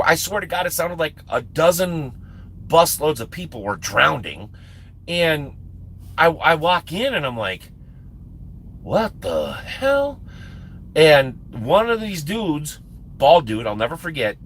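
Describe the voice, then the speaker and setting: A man tells a rambling story on a livestream. His voice sits fairly high and swings widely in pitch. A faint hiss runs under the recording. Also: poor audio. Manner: animated, profane, laughing asides. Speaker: livestream host. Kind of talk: casual storytelling.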